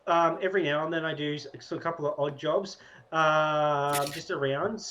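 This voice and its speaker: A man's voice: on the high side, fairly even intonation, moderate pace, fairly bright tone, dull audio, slight background noise. Stammering man playing a tabletop game. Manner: rambling, stammering restarts. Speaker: player.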